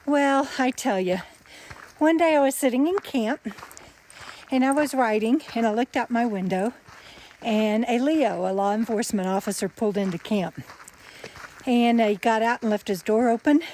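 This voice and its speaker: A woman's voice: on the high side, moderate pace, long pauses, a little hiss or hum. A woman telling a story in a casual outdoor vlog while out hiking on a forest trail, a little out of breath and laughing often. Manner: chatty, laughs often, animated retelling. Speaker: RV nomad vlogger.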